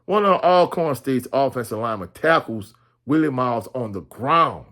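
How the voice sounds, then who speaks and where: A man's voice: medium pitch, animated, normal speed, fairly bright tone. A man giving a blunt, casual postgame reaction to a football game, with many "you know" fillers. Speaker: sports commentator.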